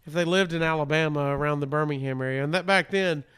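A man's voice: fairly high pitch, fairly even intonation, quick pace, fairly bright tone, clear, resonant tone. A man, a radio host in casual chat, tossing in playful quips. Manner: playful interjections, mock British quips.

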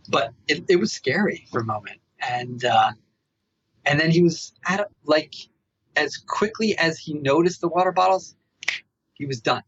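A man telling a story as a meditation researcher guest in a podcast interview. He talks in an animated way and keeps tagging his asides with "right?". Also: a little high, normal speed, breathy edge, dull audio.

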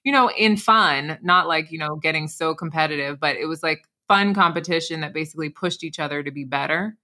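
Bright-voiced woman coach on a podcast, kinda low pitch, chatty and lively. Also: a little fast. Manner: chatty, energetic, frequent "like" and "you know". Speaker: wellness coach and co-host. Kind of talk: casual podcast chat.

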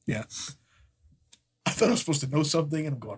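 A man co-hosting a podcast, telling old wrestling stories in a profane, animated way and imitating other people as he goes. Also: on the high side, fast talker, heavy background noise. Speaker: podcast co-host, former wrestler. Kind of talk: casual storytelling chat.

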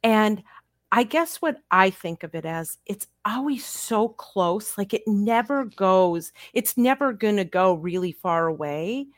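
A woman co-hosting a podcast, with a middle-pitched voice. She speaks calmly and reassuringly in casual chat, in a dry, close recording. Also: a little slow, no echo. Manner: calm and reassuring.

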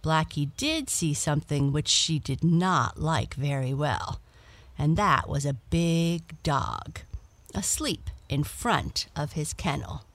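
A woman gently reading a children's bedtime story aloud as the storyteller. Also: deep voice, lively intonation, no echo. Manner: gentle and measured.

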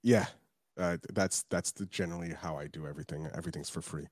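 Joking man hosting a podcast, low voice. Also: quick pace, no room sound, studio quality. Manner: joking, self-deprecating, lively. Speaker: podcast host. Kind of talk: casual chat.

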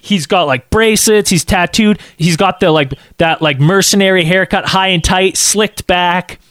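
A man telling a casual anecdote, acting out quotes in an animated way and saying "like" a lot. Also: high voice, normal speed, no echo, clean studio sound.

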